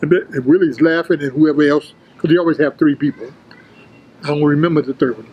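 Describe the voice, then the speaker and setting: An older man tells his story in a casual interview, his voice sitting high. He is animated and slangy, acting out the voices of the people in it. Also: fast, muffled recording. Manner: animated storyteller, acts out quotes, street slang. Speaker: interview guest, former bodybuilder.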